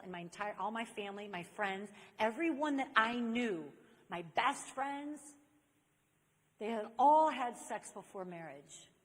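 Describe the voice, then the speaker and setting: Older lady, highish voice, telling her life story at a church convention, acts out all the people in it, big echoey hall. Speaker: speaker at a church youth convention. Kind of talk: personal testimony talk to young people. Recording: long hall reverb.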